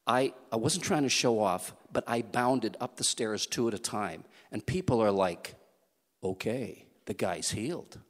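A man's voice: on the low side, lively intonation, unhurried. Man, church leader giving a testimony sermon, earnest and storytelling, voice ringing in a big reverberant hall. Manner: earnest storytelling with many restarts.

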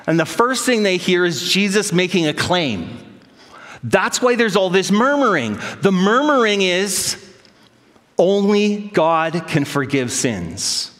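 Pastor preaching in a reverberant hall. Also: male voice, sits high, unhurried. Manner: storytelling, self-deprecating, animated quoted voices. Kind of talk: sermon.

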